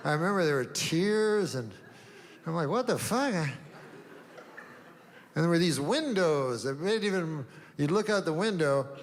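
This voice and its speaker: An older man doing a deadpan stand-up set, rambling through long setups with drawn-out pauses and sudden asides. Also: on the high side, big-room sound. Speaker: stand-up comedian.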